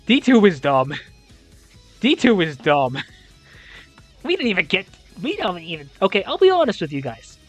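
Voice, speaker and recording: A young adult esports host runs through league scores and standings, then launches into incredulous, exasperated rants with casual swearing. The voice swings widely and expressively in pitch. Faint music plays underneath. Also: huge pitch swings, normal speed, pauses often. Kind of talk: esports league recap and playoff analysis.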